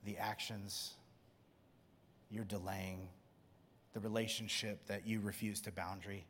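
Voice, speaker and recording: Conversational pastor in an echoing hall. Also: male voice, lowish voice, flat delivery, unhurried, slight background noise. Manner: conversational, swinging from hushed to loud. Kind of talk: sermon. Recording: long reverb in a large hall.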